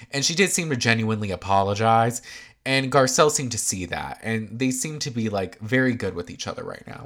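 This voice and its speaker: Chatty bright-voiced man gossiping. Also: medium pitch. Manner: chatty, opinionated, lots of "like" fillers. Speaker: reality TV recap host. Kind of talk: casual gossipy recap.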